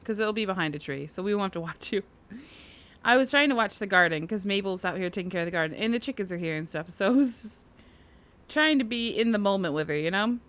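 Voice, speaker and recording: A woman's voice: mid-range voice, lively intonation, quick pace, a bit bright. Casting note: woman, let's-play host, chatty and giggly commentary, mid-range voice, talks to her characters. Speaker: gaming video host.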